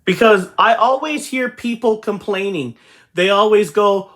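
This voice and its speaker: A real estate channel host talks to his audience in an unhurried, high voice with a fairly bright tone. His motivational message is repetitive and emphatic, aimed directly at viewers.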